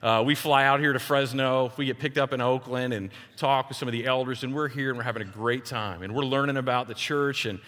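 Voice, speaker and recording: A man in his forties preaches in a church, acting out the voices of the people in his stories. His voice is bright and forceful at a middle pitch. It rings out with a long hall reverb. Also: fairly quick, hardly any pauses. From Texas. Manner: animated storyteller who acts out other people's voices. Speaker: pastor. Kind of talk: sermon with personal stories.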